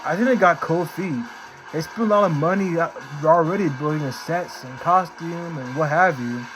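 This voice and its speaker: A man's voice: on the high side, moderate pace, close to an everyday voice, rough recording. A man doing an offbeat, drawling impression of a famous male movie actor while reading the actor's quotes. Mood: quirky, wry. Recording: clear background music.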